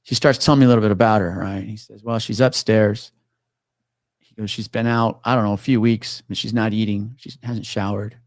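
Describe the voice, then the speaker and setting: A man's voice: fairly low pitch, steady tone, fairly quick, no echo, studio quality. Casual man spinning a gritty story. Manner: swears freely, acts out quoted voices. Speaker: guest telling a story.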